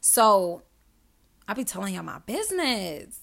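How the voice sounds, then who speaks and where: Fiery, gravelly-voiced woman podcaster. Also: medium pitch, very animated, unhurried, fairly bright tone. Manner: emphatic, profane, preachy, addresses listeners directly. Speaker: podcast host. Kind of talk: passionate solo podcast monologue.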